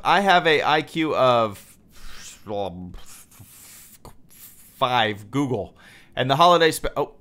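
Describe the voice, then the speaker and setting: A man's voice: medium pitch, a bit bright. A man with an ordinary mid-range voice hosts a gaming live stream. He rambles casually, full of fillers and restarts, talking into a desk microphone. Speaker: streamer and channel host.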